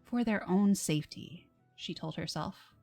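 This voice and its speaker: A woman reading her own fantasy novel on a livestream, with soft, measured narration and casual asides. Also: on the low side, soft background music. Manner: soft, measured narration, laughs between passages.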